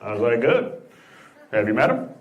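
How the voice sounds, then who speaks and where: A man doing a stand-up routine and teasing the audience, delivering punchlines deadpan on a comedy club stage with a handheld mic. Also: medium pitch, moderate pace, narrow, tinny audio, heavy background noise. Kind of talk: stand-up routine with crowd work. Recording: roomy club with loud audience laughter.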